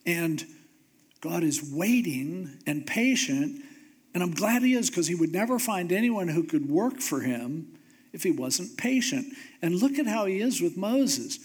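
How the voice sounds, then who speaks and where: Guy preaching casual and funny, slightly high voice, slows down to hit points. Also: sing-song, slightly rough. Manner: conversational, humorous, emphatic slowdowns. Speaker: pastor. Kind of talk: sermon.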